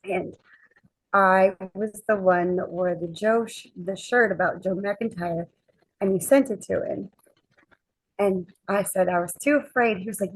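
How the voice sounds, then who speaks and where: A woman guest on a chat podcast, telling a lively anecdote and acting out the quoted dialogue. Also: medium pitch, a little slow, slightly rough, rough recording. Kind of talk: casual storytelling chat.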